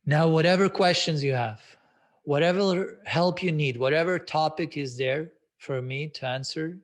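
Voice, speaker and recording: A man's voice: a little high, moderate pace. A man hosting a self-development webinar, speaking reflectively with many hesitant filler sounds. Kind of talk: live webinar talk.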